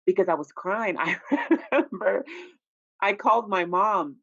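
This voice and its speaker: A man's voice: sits high, normal speed, a bit bright. A man who makes records talks openly about his career, telling stories with lots of "you know" asides. The sound is dull and lo-fi, dry with no room echo. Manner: candid storytelling with frequent "you know" asides. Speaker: independent recording artist, guest. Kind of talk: casual interview chat.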